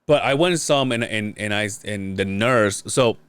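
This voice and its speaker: A man's voice: on the low side, normal speed, fairly bright tone, smooth, no room sound. A man hosting a casual podcast, telling a long story with many stops and restarts. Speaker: podcast host.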